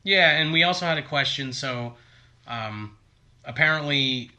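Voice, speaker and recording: A man's voice: medium pitch, unhurried, pushed and bright. A man co-hosting a podcast in casual chat, rambling with lots of fillers like "like" and "um". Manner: rambling, filler-heavy with many likes and ums. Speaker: podcast co-host.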